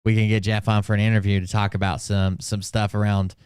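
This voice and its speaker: Sardonic, smooth-voiced male streamer. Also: lowish voice, little pitch movement, brisk, darkish tone, no echo, clean studio sound. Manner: casual, sardonic, swears freely. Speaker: commentary streamer. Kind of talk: casual commentary.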